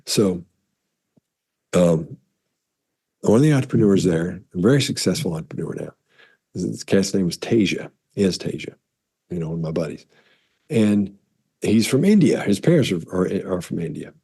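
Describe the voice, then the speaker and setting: Guy with a deep husky mellow voice rambling thru stories about body language. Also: expressive, normal speed, long pauses. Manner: rambling storyteller, restarts, throat clearing. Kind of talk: casual talk to camera.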